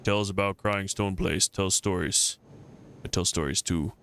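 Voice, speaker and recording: A man voicing a withdrawn villager who speaks in slow, broken phrases. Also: sits low, fairly even intonation, a bit bright, slight background noise. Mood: plain.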